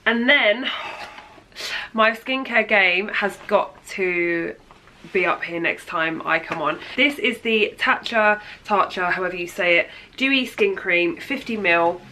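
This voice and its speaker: A woman's voice: mid-range voice, expressive, takes it slowly, pushed and bright, a little hiss or hum, low-quality recording. A thirty-year-old woman with a chatty, gushing manner, showing birthday gifts in a casual vlog. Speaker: beauty vlogger. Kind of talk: casual haul chat.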